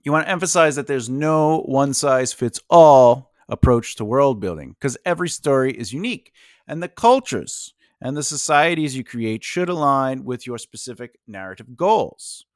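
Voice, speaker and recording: A man's voice: mid-range voice, expressive, moderate pace, dry recording, clean studio sound. A man from New York with a New York accent, hosting a casual writing lesson and rambling with lots of fillers. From Long Island and Brooklyn, New York. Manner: rambling, filler-heavy, conversational. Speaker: writing coach host. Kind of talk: casual teaching monologue.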